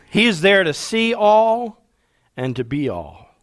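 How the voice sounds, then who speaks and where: A man preaching a sermon, animated, acting out quoted voices and dropping at times to a hushed tone. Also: high-pitched, slow. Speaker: pastor.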